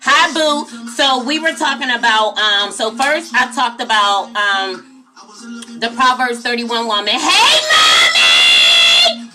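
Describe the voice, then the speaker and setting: A woman's voice: a little high, measured pace, loud music behind the voice. A woman hosting a casual late-night livestream, chatty and talking straight to her viewers as y'all. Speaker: livestream host.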